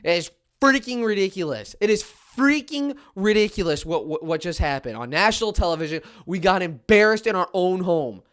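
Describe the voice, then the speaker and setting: A young man ranting as a fan on a sports podcast, frustrated and swinging into loud outbursts. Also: high voice, expressive, normal speed, hardly any pauses. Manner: exasperated rant with sudden loud outbursts.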